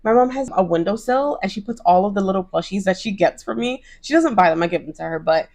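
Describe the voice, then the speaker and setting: This crochet vlogger speaks at a quick pace in a medium-pitched, animated voice, gushing to camera in easy conversation. Her speech is thick with "like" and "oh my gosh," and she adopts bright, exaggerated voices whenever she quotes someone.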